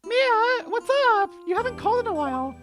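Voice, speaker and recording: A woman's voice: extremely high pitch, very animated, a little fast, soft background music, voice pushed up. A woman voicing a bubbly teenage girl, a playful younger sister, who talks in a valley-girl drawl full of "like". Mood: teasing.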